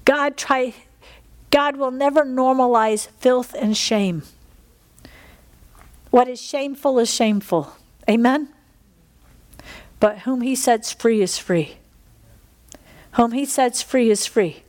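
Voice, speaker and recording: Her fairly high, darkish voice moves slowly with frequent pauses as she preaches and prays fervently before a congregation. This woman's sermon with prayer, given at a church service, features repeated phrases and exhalations between lines.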